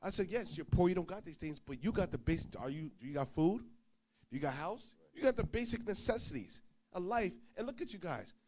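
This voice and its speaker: Man, high voice, animated storytelling, informal sermon, loud-soft swings. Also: fairly quick. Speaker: preacher.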